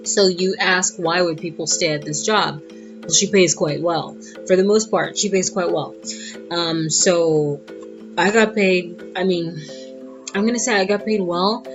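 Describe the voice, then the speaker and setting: A woman with a low voice tells a personal story in a casual, animated way, with sassy asides. The audio is dull and lo-fi, and plucked guitar music plays clearly underneath. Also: measured pace. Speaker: vlogger.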